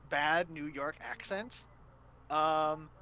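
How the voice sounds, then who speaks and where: A man's voice: on the high side, extremely slow, bright, forceful tone. A man hosting a casual talk show, retelling tabletop game sessions in a rambling way with many fillers. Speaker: host. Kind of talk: casual chat.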